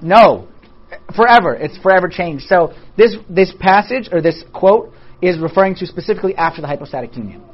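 A Bible study teacher leading a class in an animated way, asking and answering their own rhetorical questions and joking with the group. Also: mid-range voice, fairly quick. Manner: jokes with the group. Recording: dull lo-fi recording.

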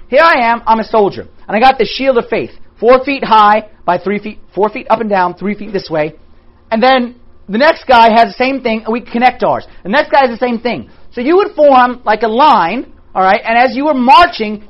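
A priest preaching casually, muffled sound. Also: male voice, sits high. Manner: talks in an informal way, checks in with the listeners using "okay" and "all right". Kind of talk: conversational sermon.

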